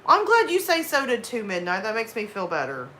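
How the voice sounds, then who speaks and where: A woman in her thirties from the American South, with a Southern US accent, hosts a livestream, reading and casually chatting with her live chat while rambling through asides. Her voice is a little high and bright, with wildly swooping pitch, a brisk pace and a forceful tone. There's a little hiss or hum.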